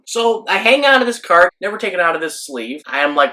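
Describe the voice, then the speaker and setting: A man from Michigan hosting a sports vlog, telling a rambling, excitable story and acting out his own reactions. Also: sits high, a little fast, few pauses. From Michigan, USA. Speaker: sports channel host.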